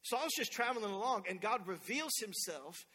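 A man in his thirties preaching a sermon in church, telling stories in an animated way and acting out quotes loudly. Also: sits high, normal speed, breathy edge. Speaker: pastor. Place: church sanctuary. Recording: long hall reverb.

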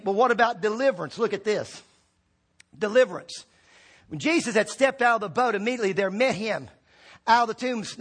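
A male pastor with a high voice and a husky edge to it. He preaches with big swings between loud shouted peaks and quiet low drops, and keeps calling on the congregation to respond. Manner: rallies the congregation with call-and-response prompts. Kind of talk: sermon.

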